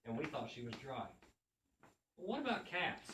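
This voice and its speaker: A man, a visiting children's author, tells a story and asks schoolchildren lively questions. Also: medium pitch, moderate pace, distant mic, background noise. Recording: echoey room, mic from afar.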